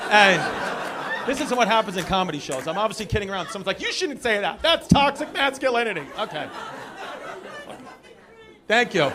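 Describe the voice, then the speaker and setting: A brash man with a New York accent works the room on a theater stage, his voice pitched high for a man. He rambles, swears and riffs with the audience. Loud laughter from a live crowd rolls under his lines. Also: background noise. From Brooklyn. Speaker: stand-up comedian. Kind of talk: stand-up crowd work.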